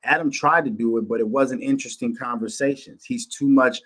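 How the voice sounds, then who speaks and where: A man's voice: medium pitch, fairly even intonation, a little fast, fairly bright tone. A man from Minnesota hosting a livestream, talking bluntly and profanely in a loose, repetitive monologue. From Minnesota, USA. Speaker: livestream host.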